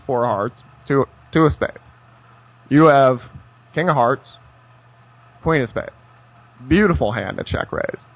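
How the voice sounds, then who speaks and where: His medium-pitched voice is slightly rough, recorded in lo-fi sound. He's a poker coach explaining strategy conversationally, with stories and dry, wry remarks.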